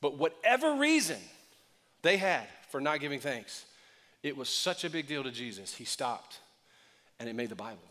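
A male pastor preaching a sermon in an expressive, conversational way, with acted-out quotes. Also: mid-range voice, moderate pace, long reverb tail.

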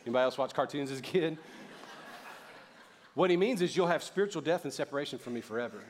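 A middle-aged male pastor preaching a sermon in a lively, conversational way, calling on the audience to respond. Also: a little high, quick pace, slight background noise. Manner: casual, conversational asides.

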